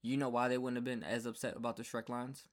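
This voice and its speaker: A man co-hosting a podcast, reading out trivia facts in casual chat, with filler pauses. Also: mid-range voice, little pitch movement. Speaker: podcast co-host.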